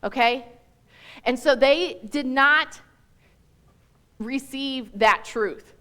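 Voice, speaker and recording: A woman's voice: high-pitched, very slow. A woman giving a church Bible teaching as guest speaker, talking emphatically in a chatty way that often breaks off mid-thought. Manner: animated, emphatic, chatty with self-interruptions.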